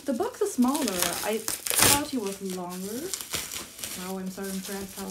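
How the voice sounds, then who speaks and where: A young woman from Germany, whose first language is German, gushing with breathless excitement as she unboxes a model horse for her vlog and repeats herself often. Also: medium pitch, measured pace, heavy background noise. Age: young adult. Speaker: model horse collector vlogger.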